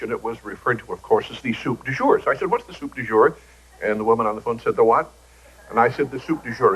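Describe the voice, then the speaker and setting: A man's voice: mid-range voice, fairly bright tone, low-quality recording. An older man, a talk show guest, telling wry joking anecdotes and acting out the voices he quotes, on old broadcast TV audio.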